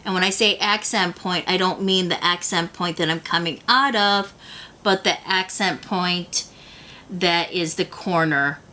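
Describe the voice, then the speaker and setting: A woman's voice: fairly low pitch, normal speed, few pauses, pushed and bright. A woman teaching a beading tutorial, patiently talking the viewer through each step. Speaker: beading instructor.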